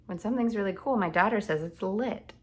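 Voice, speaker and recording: A woman's voice: medium pitch, fairly quick. A middle-aged woman teaching kindergarten from home, talking to young children in an encouraging sing-song way. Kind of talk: remote class lesson. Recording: echoey room with noise.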